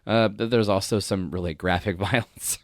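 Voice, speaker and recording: A man's voice: on the low side, steady tone, normal speed, no room sound, studio quality. A man co-hosting a podcast, talking in an easygoing way and laughing often. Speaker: podcast co-host. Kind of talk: casual chat.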